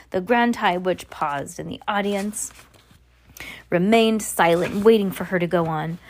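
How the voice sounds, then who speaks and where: A woman's voice: fairly low pitch, a little slow. Woman casually reading a novel aloud. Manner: relaxed, with chatty asides and restarts. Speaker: reader.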